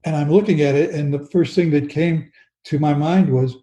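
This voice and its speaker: An older man recounts a personal story with slow, earnest pacing, often circling back and restarting his words. His voice is mellow, sits a touch high for a man, and carries an echo from the room around him. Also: fairly even intonation. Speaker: guest.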